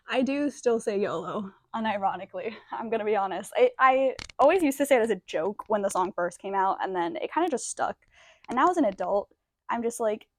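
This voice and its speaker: A woman's voice: medium pitch, expressive, fairly quick, dry recording. A young woman giving a casual, chatty yoga demonstration, a little out of breath from moving through poses. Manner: chatty, self-deprecating, demonstrating poses while talking. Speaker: yoga instructor. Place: indoor room, yoga mat.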